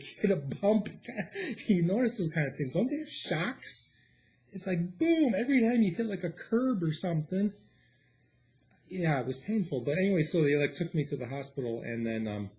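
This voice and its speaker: A man vlogging a personal story in a casual, animated way, acting out his own quotes and laughing often. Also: mid-range voice.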